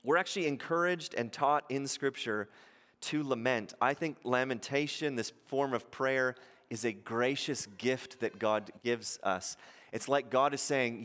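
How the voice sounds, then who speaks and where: A man preaching a sermon as a pastor, earnest and animated, his voice climbing and growing loud when he acts out prayers. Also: medium pitch, measured pace, long reverb tail. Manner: earnest, rises loudly when acting out prayers.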